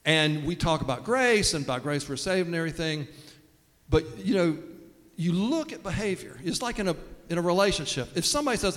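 A man's voice: fairly high pitch, sing-song, moderate pace. A man preaching a casual, humorous sermon, acting out the voices of the people he quotes. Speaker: pastor. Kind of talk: conversational sermon. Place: church sanctuary. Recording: long reverb of a sanctuary.

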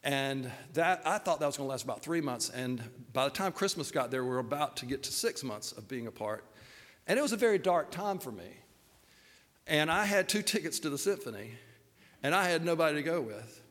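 A man's voice: a little high, expressive, a little fast, a bit bright, big-room sound. An older man, a pastor giving a personal, earnest sermon with hesitant fillers.

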